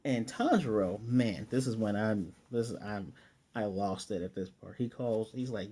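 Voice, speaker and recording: A man's voice: fairly low pitch, normal speed, warm tone, slightly rough. A man casually recapping an anime episode as a reviewer, in a loose, rambling way with laid-back slang. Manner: loose and rambling, retelling scenes with "he's like".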